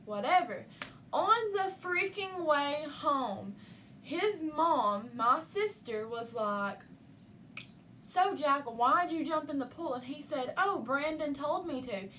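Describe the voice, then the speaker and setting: Young woman telling a scary story, high pitched, quick to act out voices, faint background hiss. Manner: animated, acts out a child's lines. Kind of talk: casual ghost story telling. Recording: faint noise, voice from a distance.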